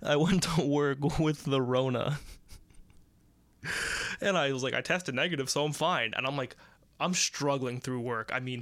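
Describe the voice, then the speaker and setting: A man's voice: medium pitch, pushed and bright, dry recording. A young American man hosting a podcast, telling a rambling, profane story about his job while sick. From United States. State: sick with covid. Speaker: podcast host. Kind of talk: casual storytelling monologue.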